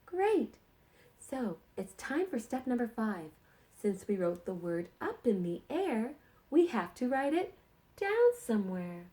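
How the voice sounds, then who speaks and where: Slow, lively-voiced woman teaching small children. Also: a little high. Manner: slow, sing-song and encouraging, talking to small children. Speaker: kindergarten teacher. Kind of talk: teaching sight words to young children.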